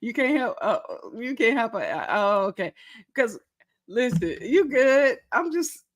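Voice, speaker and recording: A bubbly woman hosts a relaxed crochet livestream. She chats casually, greets each viewer warmly and reads their messages aloud. She is tired but playful and self-mocking, and giggles a lot. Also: fairly high pitch, unhurried.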